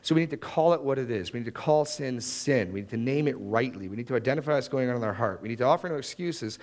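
Animated male preacher. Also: mid-range voice, fast. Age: adult, married. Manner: lively preaching, acts out quoted prayers and excuses. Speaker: pastor. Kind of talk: sermon.

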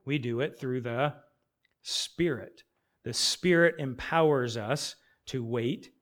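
A man preaching an expository sermon, asking rhetorical questions and slowing down to stress key phrases. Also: mid-range voice.

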